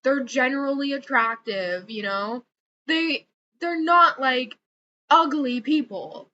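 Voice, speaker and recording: Pitched high and speaking slowly, a young woman vlogger rants in a casual, exasperated way, swearing often and padding her sentences with "like." Her delivery is pushed and bright, and the lo-fi recording is a bit dull with faint noise.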